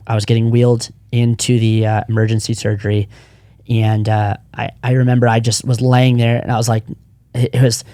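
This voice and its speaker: A man's voice: mid-range voice, a little mellow, no echo. Earnest rambling man, dry sound. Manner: earnest, rambling with frequent restarts. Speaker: podcast co-founder. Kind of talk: personal storytelling in casual chat.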